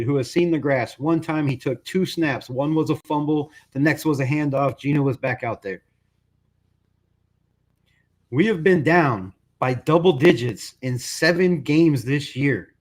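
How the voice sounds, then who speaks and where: A man's voice: fairly high pitch, breathy edge. A man hosting a fan channel, giving a casual, frustrated sports rant full of "bro" and "right?". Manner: frustrated, conversational, says "bro" and "right?" a lot.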